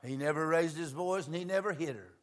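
Older preacher, high-pitched, folksy. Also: male voice, quick pace. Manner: folksy storytelling, swings from quiet asides to shouting. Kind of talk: sermon.

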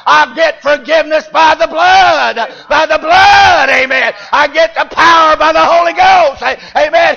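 A middle-aged man with a Southern accent preaching an old-time revival sermon, shouting in folksy drawled bursts. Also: very high voice, gravelly. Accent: Southern US, Tennessee. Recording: dull lo-fi recording with faint music.

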